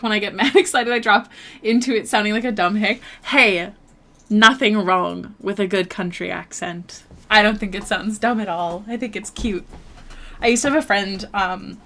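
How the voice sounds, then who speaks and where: A woman's voice: mid-range voice, a bit bright. A young woman with a Canadian accent, chatting casually with her viewers while she draws on stream, bubbly and full of fillers. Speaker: art streamer. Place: home streaming setup.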